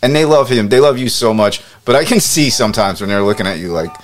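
A man's voice: on the low side, expressive, quick pace. A man co-hosting a casual podcast chat, eager and reactive, who often repeats his words as he talks. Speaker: podcast co-host.

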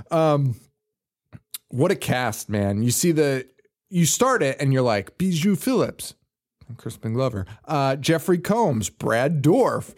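A mid-range, darkish-toned man speaks at normal speed in an animated way while co-hosting a horror movie podcast. The casual film-review chat finds him rambling, swearing, and laughing often.

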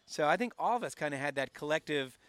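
A man's voice: on the high side, fast talker, no echo. Pria bersuara agak tinggi, rekaman kering. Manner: animated storyteller with many restarts. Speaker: team staff member, podcast co-host. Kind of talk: casual chat. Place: stadium broadcast booth.

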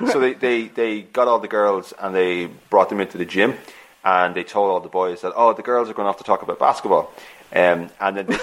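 A man's voice: fairly low pitch, fairly bright tone, rough recording. An Irish man hosting a podcast over a remote call, rambling through anecdotes and restarting sentences with "like". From Ireland. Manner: rambling storyteller, restarts often with "like". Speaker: podcast host. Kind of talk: casual chat.

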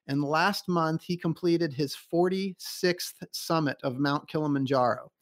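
A man hosting a podcast interview, telling a story eagerly and acting out the voices of people he quotes. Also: a little high. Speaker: podcast host.

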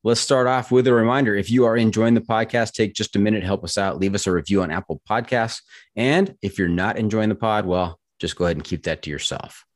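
A man's voice: fairly low pitch, fairly quick. A man hosting a casual podcast interview, easygoing and joking dryly with his guest. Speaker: podcast host.

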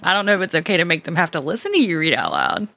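Chatty Southern woman podcaster, low voice. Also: wildly swooping pitch, very fast, gravelly, pushed and bright. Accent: Southern US (Mississippi). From Mississippi. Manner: chatty, self-deprecating, says y'all. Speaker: podcast co-host and storyteller. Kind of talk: casual chat.

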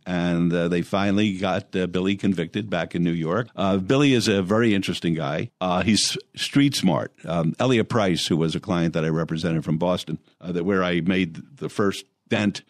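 Deep-voiced older man telling stories. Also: normal speed, few pauses, no echo, clean studio sound. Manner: rambling anecdotes with many fillers and restarts. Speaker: interview guest, former lawyer and mayor. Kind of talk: storytelling in conversation.

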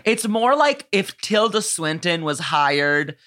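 A man's voice: high voice, sing-song, takes it slowly, bright, forceful tone. A man hosting a podcast in casual, campy, profane comedic chat. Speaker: podcast host.

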